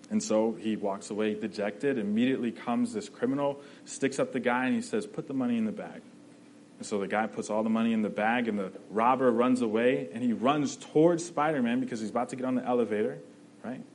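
A man's voice: mid-range voice, fairly even intonation, brisk, darkish tone, a little hiss or hum, low-quality recording. Conversational male preacher, often asks "right?". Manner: conversational, often asks 'right?', restarts phrases. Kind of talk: sermon.

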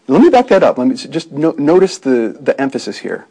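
A man's voice: medium pitch, big pitch swings, a little fast, creaky, hardly any pauses, warm tone, husky, poor audio. A man preaching a sermon in an earnest, conversational way, with frequent restarts and rhetorical questions.

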